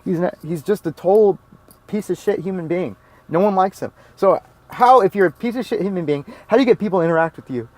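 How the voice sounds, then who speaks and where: A man with a fairly high voice delivers a heated monologue. He is blunt and swears freely. He circles back to the same points again and again. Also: fast, darkish tone, no echo. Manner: heated, blunt and profane, repeats his points. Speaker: video commentator. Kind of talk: ranting monologue.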